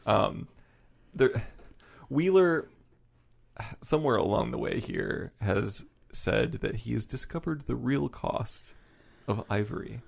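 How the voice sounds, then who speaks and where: Casting: gravelly-voiced co-host, dry amused delivery. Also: medium pitch, animated, slow pace, pauses often. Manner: wry, amused. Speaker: podcast co-host. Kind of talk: casual chat recapping a cartoon.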